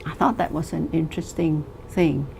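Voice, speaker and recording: A woman teaching a class, telling stories slowly and deliberately, asking rhetorical questions and repeating phrases for emphasis. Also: deep voice, steady tone, vocal fry, a little mellow, a little hiss or hum. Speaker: wellness teacher. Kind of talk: lecture to a class.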